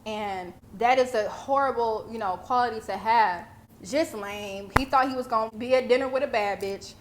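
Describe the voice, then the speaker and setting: A woman's voice: a little high, a little hiss or hum. Sassy, blunt young woman ranting. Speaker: vlogger commentator. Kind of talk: casual commentary.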